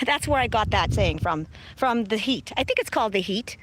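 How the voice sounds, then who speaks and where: A woman's voice: fairly high pitch, brisk, fairly bright tone, slight background noise. A woman from south of Boston hosting a casual livestream outdoors on her phone, brash and mocking, laughing often and swearing. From south of Boston, USA. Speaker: livestream host. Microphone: phone camera.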